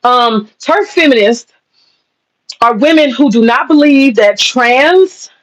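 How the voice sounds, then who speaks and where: A woman's voice: sits high, expressive, takes it slowly, poor audio. A woman vlogger on a heated opinion rant, talking straight to her viewers, profane and emphatic, hammering her points with repetition. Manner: talks straight to viewers, says she is getting upset.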